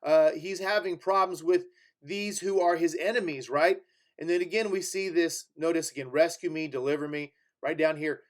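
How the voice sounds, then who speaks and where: A man with a fairly high voice delivers a sermon from a church pulpit. He moves between plain teaching talk and weighty scripture reading, pressing hard on key words, with fillers and restarts along the way. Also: steady tone, normal speed. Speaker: preacher. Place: church sanctuary.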